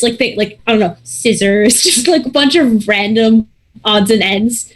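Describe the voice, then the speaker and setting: A woman playing a tabletop game, telling her character's actions in a bubbly, giggly way. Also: fairly high pitch. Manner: bubbly, fast, giggly storytelling. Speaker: player.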